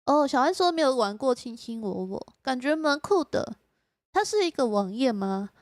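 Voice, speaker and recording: A woman from Taiwan, a native Mandarin speaker, hosting a casual live stream. She giggles often and speaks English slowly and carefully. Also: high voice, very animated, no echo, clean studio sound. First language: Mandarin Chinese. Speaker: streamer host.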